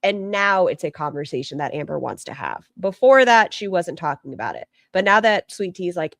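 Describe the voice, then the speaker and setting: A woman's voice: lowish voice, expressive, brisk, gravelly, few pauses, a bit bright, no room sound. A woman giving casual, opinionated commentary on online drama, thinking aloud.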